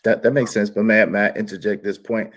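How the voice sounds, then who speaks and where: A man ranting loudly and profanely as a commentator, swinging between shouting and a mocking slow monotone. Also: lowish voice. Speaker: commentator and panel participant. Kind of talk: reaction rant and panel discussion.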